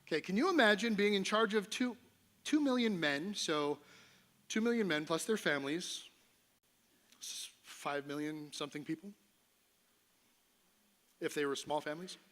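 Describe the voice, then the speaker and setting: A middle-aged male pastor gives a relaxed, conversational sermon in a church sanctuary. His voice sits a little higher than most men's, and he slips into playful voices for the people in his story. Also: normal speed, long pauses. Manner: conversational, playful, acts out voices of Moses and God.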